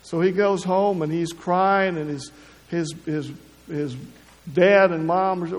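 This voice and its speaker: A man preaching a sermon, halting, with many restarts and repeated words. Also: high voice, fairly even intonation. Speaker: pastor. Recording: long hall reverb.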